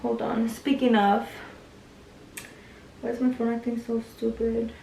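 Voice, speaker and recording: A young woman with a slightly high voice tells a long story to her camera while she does her makeup. She is loose and chatty, swears freely and leans on "like" constantly. The room sounds echoey, and she sits back from the mic. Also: little pitch movement, unhurried, creaky, mellow, a little hiss or hum. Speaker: beauty vlogger. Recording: roomy sound, mic at a distance.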